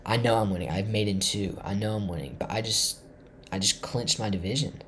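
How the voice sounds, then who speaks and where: A man from Tennessee excitedly walking through his chess game, thinking aloud and swinging between loud bursts and hushed asides. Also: fairly low pitch, fairly quick, a little hiss or hum. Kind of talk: excited game recap to camera.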